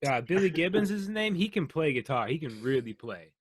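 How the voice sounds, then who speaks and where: A man's voice: on the high side, sing-song, a little fast, no room sound. A man in a casual chat who talks emphatically and swears freely. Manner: emphatic, foul-mouthed.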